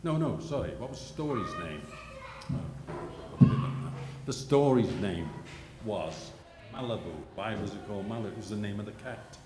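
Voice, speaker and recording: An older man telling a rambling, self-deprecating story at a gallery panel, halting with many restarts. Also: lowish voice, expressive. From England. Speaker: panel guest, illustrator. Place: gallery panel before an audience. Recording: echoey gallery hall, noisy.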